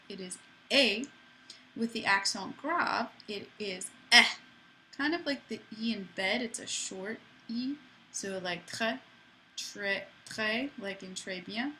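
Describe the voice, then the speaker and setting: A woman's voice: medium pitch, bright, forceful tone, slight background noise, poor audio. A woman teaching a French lesson to students in a chatty way, with playful asides. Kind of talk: classroom lesson.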